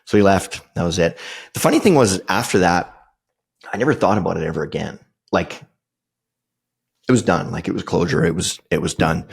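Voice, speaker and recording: A man's voice: low voice, vocal fry, slightly rough. A middle-aged man hosting a podcast, telling a personal story in a casual, rambling way with lots of fillers and restarts. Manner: rambling, loose delivery with many fillers and restarts. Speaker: podcast host.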